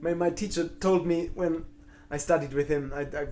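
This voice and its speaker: Blunt, self-deprecating man, slightly high voice. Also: steady tone, normal speed, dark tone, slight background noise. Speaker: cellist answering viewer questions. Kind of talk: live online Q&A.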